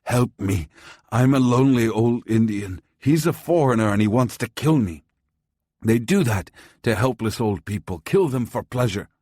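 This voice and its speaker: A man reading an audiobook voices a frail, enraged old man whose voice is cracked and raspy as he shrilly pleads with onlookers. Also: medium pitch, lively intonation, moderate pace, warm tone, dry recording, studio quality, pitched above the performer's own voice, natural voice. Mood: frantic.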